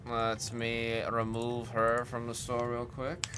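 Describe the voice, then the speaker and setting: A man's voice: medium pitch, monotone, slow, over music. A man hosting a trading card break livestream, chatting casually and reading off lists as he works his computer. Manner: chatty, reads off lists while working the computer.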